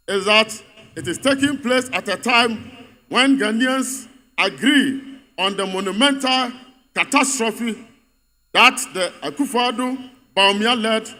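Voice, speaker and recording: A man's voice: extremely high pitch, sharp tone. A man giving an emphatic, repetitive political speech at a party congress in a large venue. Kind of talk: rally speech. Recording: reverberant hall.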